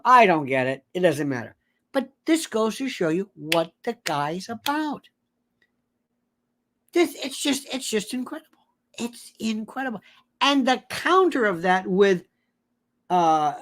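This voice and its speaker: A man talking in a rambling, theatrical monologue as a commentator, his pitch swinging widely from line to line. He keeps correcting himself mid-sentence and breaks into mimicked voices of the people he describes. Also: a bit bright. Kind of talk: animated political commentary monologue.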